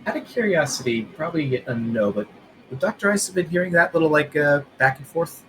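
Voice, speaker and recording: A man's voice: a little high, lively intonation, brisk, a bit bright, a little hiss or hum. A man playing in a tabletop game, speaking hesitantly, heard from a distance. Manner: hesitant, tentative. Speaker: player.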